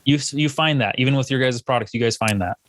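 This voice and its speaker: A man's voice: medium pitch, quick pace, fairly bright tone, dry recording, studio quality. A man hosting a podcast, chatting casually and enthusiastically with a guest. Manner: rambling, restarts, enthusiastic. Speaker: podcast host. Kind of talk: casual interview chat.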